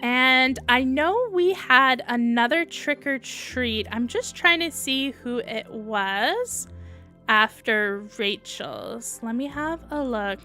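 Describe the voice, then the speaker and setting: Young female streamer, fairly high voice, unhurried chatty delivery, reacts to chat. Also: animated, sharp tone, soft background music. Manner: chatty, reads and answers viewer comments. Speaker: livestream host. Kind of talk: casual livestream chat.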